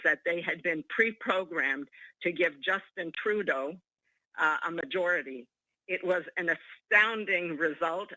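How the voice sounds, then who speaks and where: A man's voice: on the high side, pushed and bright, dry recording. A male caller from Canada on a radio show who speaks earnestly and steadily, with a few hesitations. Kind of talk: call-in radio commentary. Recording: muffled lo-fi phone line.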